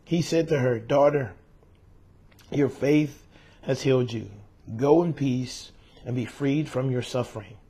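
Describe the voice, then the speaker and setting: A man's voice: mid-range voice, unhurried, long pauses, warm tone, slightly rough. A man reading scripture aloud and then preaching, earnest and emotional, asking the listeners rhetorical questions.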